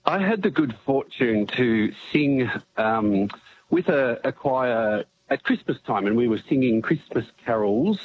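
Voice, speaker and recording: A man calling in to a radio show, speaking hesitantly with frequent pauses and ums. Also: medium pitch, animated. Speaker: caller. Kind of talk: phone-in chat. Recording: dull phone-in line with faint noise.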